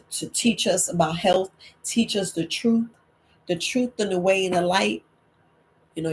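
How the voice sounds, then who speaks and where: Emphatic woman herbalist preaching to viewers. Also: lowish voice. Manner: emphatic, preachy, repeats points. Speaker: herbalist host. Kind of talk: late-night Q&A livestream talk.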